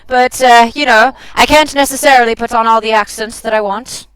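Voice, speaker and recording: A woman chats casually among friends at a tabletop game session, her voice a touch high and very bright. She laughs often and pokes fun at herself. Her tone is clean and crisp. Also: steady tone, brisk, no room sound, rough recording. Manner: laughs often, self-deprecating. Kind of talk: casual chat.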